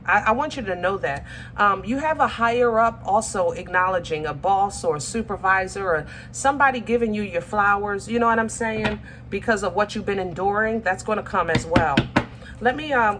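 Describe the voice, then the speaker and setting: This tarot reader has a mid-range, somewhat bright voice and slight background noise. Her casual reading is warm and talkative, peppered with baby and y'all, and she regularly stops to grope for words, um-ing and restarting.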